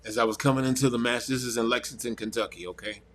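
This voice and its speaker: Guest, male, mid pitch, earnest reflective storytelling. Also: fairly even intonation, fast talker, fairly bright tone, a little hiss or hum. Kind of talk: casual personal storytelling.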